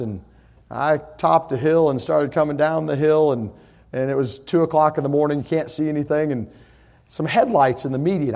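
A middle-aged man, preaching a sermon with folksy stories that build to loud, emphatic points. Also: on the high side. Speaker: pastor. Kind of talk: sermon with personal story.

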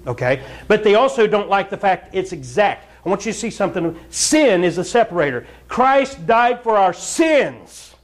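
A man's voice: sits high, expressive, fairly quick, hardly any pauses. A man preaching a fiery, blunt sermon in church, scolding the congregation. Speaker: pastor.

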